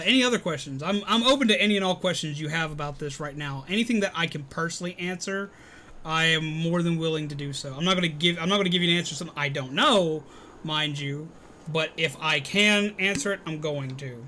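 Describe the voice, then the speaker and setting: Bright-voiced man chatting on a live stream. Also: on the high side, a little hiss or hum. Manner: rambling, many fillers, laughs easily, greets viewers loudly. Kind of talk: casual live-stream chat, reading and answering viewers.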